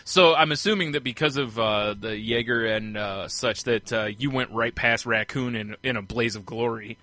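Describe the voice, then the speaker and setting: A man co-hosting a podcast in casual chat, teasing his co-host with quick interjections. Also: mid-range voice, bright, forceful tone, dry recording.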